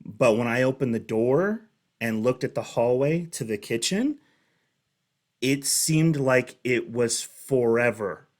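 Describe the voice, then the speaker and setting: Man, young adult, reaction host, chatty, rambling, medium pitch. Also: animated, slow pace, a little mellow. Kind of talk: casual commentary.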